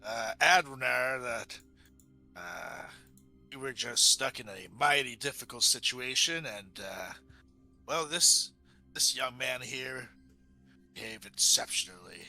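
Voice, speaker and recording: A man's voice: medium pitch, lively intonation, takes it slowly, bright, forceful tone, soft background music, heavily acted. A man voicing a blunt, battle-worn male sailor veteran in a tabletop game, folksy and courtly with lots of fillers. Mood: praising. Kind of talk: in-character tabletop role-play.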